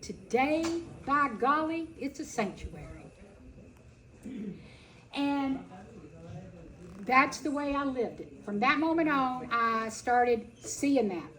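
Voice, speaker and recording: A middle-aged woman telling a personal story at a festival, dramatic, acting out quotes and swinging between loud and soft. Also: sits high, expressive, takes it slowly, pauses often, rough recording. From Texas. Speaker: speaker at a festival. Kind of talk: storytelling talk.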